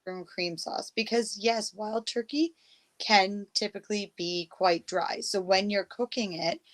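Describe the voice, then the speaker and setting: A woman's voice: medium pitch, fairly even intonation, unhurried. A woman from Canada in a casual chat, matter-of-fact as she gives cooking tips. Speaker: guest.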